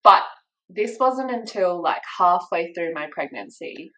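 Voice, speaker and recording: Woman, Australian accent, young adult, casual interview guest, animated storytelling, fairly low pitch. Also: unhurried, poor audio. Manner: lively retelling, acting out quoted people. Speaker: podcast guest.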